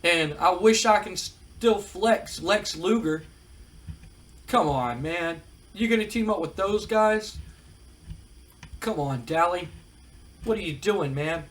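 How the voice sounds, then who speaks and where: A man's voice: high-pitched, lively intonation, takes it slowly, pauses often, a bit bright, full character voice. A man voicing a laid-back, mocking male wrestler who drawls and coaxes, calling everyone man. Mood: mock hurt. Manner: drawling, coaxing, keeps saying man.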